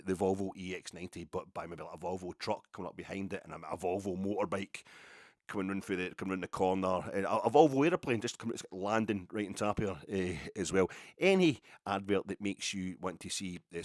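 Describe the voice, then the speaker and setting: Sardonic Scottish man, low dry voice. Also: no echo. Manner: sardonic and rambling. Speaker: football podcast host. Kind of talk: solo podcast monologue.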